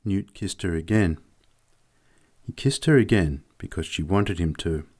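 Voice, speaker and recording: A man narrating a story as an audiobook, in a measured, unhurried way. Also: deep voice, darkish tone. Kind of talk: audiobook reading.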